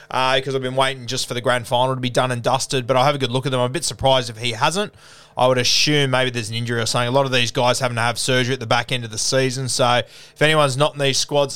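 A young Australian man with a smooth, clear voice, answering questions in a relaxed live chat. His speech is easygoing and friendly, and he calls everyone mate. He sits at a middle pitch for a man. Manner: laid-back, chatty, calls everyone mate. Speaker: podcast host. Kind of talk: casual live-stream Q&A.

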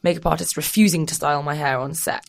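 British woman guest, chatty and lively, lots of laughter, lowish voice. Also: fast talker, vocal fry. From Britain. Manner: animated, laughs often, jumps into playful voices. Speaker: model and guest. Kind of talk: casual interview chat.

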